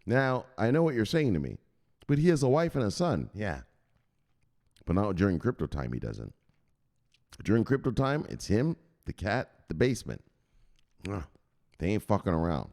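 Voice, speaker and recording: A man's voice: on the low side, huge pitch swings, moderate pace, creaky, pauses often, darkish tone. A male crypto show host in casual, joking chat who swears freely and laughs a lot. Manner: joking, profane, laughs often.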